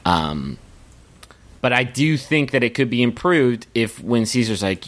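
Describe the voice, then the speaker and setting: A man's voice: medium pitch, sing-song, unhurried, a bit bright. A man co-hosting a comedy podcast, riffing and joking with casual profanity. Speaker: podcast co-host.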